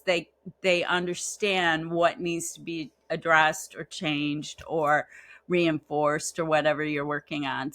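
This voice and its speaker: A woman guest on an interview podcast, a facilitator and hypnotherapist who talks in a chatty, animated way and acts out quoted dialogue as she tells stories. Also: on the low side, no room sound. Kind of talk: casual interview storytelling.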